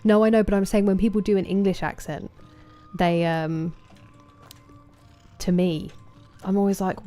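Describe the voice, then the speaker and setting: With game music playing behind her, a young woman streams a game and chats casually with viewers, greeting them by name. Her voice is medium-pitched and warm, and her pace is measured.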